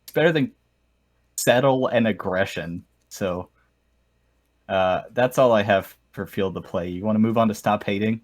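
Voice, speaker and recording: A man's voice: lowish voice, normal speed. A young man co-hosting a casual podcast, chatting and reading aloud while breaking into laughter. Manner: reads aloud with bursts of laughter. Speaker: podcast co-host.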